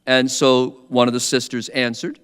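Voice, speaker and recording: A man giving an earnest, measured sermon, slowing down for emphasis. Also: medium pitch, little pitch movement, a bit bright, clear, resonant tone, in a large hall. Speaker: preacher.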